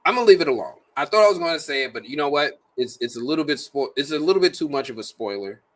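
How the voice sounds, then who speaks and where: A man's voice: on the high side, very fast. A man reviewing a movie in a casual, jokey, slang-filled way. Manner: animated, slangy, jokey delivery.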